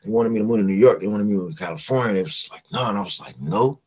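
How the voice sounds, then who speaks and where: A middle-aged singer from West Virginia, USA, talks in a fairly low voice at a racing clip. He's a guest in a casual interview, telling stories with animation and acting out the voices of the people he quotes.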